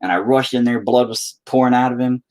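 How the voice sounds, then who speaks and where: A man's voice: mid-range voice, steady tone, fairly quick, a little mellow. A man telling a rambling, profane story in a casual chat with his viewers. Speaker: streamer.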